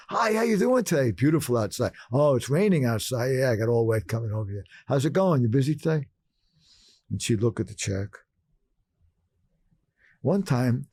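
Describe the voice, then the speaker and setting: An older man from Brooklyn, New York, telling stories as a podcast guest and acting out his past self in sudden higher voices. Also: mellow, slightly rough, dry recording. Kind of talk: storytelling in conversation.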